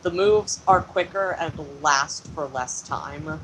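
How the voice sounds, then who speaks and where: A woman narrating as game master of a tabletop role-playing session, relaxed and unhurried. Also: deep voice, a little hiss or hum, low-quality recording.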